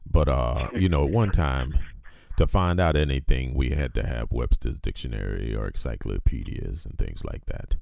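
A man hosting an interview, speaking slowly and with emphasis, drawing out key words. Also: extremely low pitch, vocal fry, darkish tone, no room sound, clean studio sound. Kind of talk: conversational interview.

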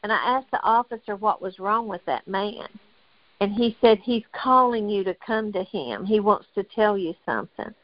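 A woman's voice: medium pitch, expressive, moderate pace, no echo. Older lady from north carolina, emotional testimony, dry slightly muffled audio. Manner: earnest, emotional storytelling. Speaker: guest. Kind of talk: testimony in a faith talk interview.

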